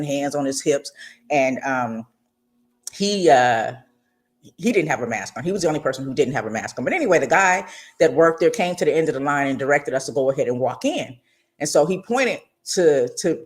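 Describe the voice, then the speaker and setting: A middle-aged woman hosting a radio talk show, telling stories in a casual, expressive way with frequent asides to her listeners. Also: deep voice.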